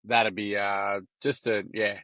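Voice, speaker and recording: Australian man, podcast guest, animated storyteller, slangy, dry close sound. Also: lowish voice, slow pace, dry recording. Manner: animated yarn-telling, acts out quoted voices, slangy. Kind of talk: casual storytelling chat.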